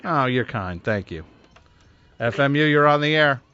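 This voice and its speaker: A man's voice: medium pitch, expressive, measured pace, bright, forceful tone. A man hosting a call-in radio show, sarcastic and exasperated, mocking his callers. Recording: slightly dull studio recording.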